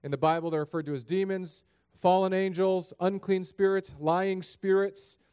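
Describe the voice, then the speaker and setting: A man's voice: high voice, fairly even intonation, normal speed, darkish tone, clean tone. A man preaching a sermon in a chapel, praying and reading scripture in an earnest, plain-spoken way that speaks straight to the congregation. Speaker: pastor.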